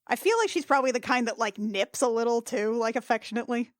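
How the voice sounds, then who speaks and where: A woman's voice: fairly high pitch, expressive, fast talker, no echo, clean studio sound. A woman playing a tabletop game who talks hesitantly and laughs often. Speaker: player.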